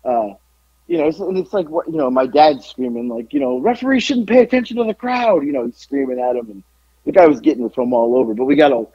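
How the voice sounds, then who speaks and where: A man co-hosting a podcast, slightly hoarse from yelling, telling animated stories in casual chat. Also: mid-range voice, fast talker, no room sound, dull audio. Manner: animated storytelling, yelling out quotes. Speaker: podcast co-host.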